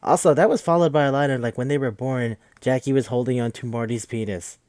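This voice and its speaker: A man talks through a film he loves in a loose, rambling recap. He swears freely and gets worked up, stumbling over restarts. His voice sits at an ordinary middle pitch, and the recording is dry and close, with no room sound. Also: fast, no echo. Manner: rambling, profane and excitable, with many fillers and restarts. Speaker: podcast host reviewing a film.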